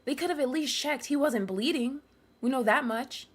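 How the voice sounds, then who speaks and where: A woman's voice: high voice, moderate pace, slightly rough. A young woman streamer commenting live on a game, ranting angrily and swearing at the characters. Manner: angry, profane, ranting at characters.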